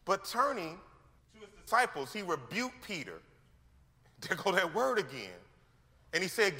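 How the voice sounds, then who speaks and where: A male pastor preaching a sermon in an animated, slangy way, acting out scripture scenes as he goes. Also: high voice, measured pace, long pauses. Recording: long hall reverb.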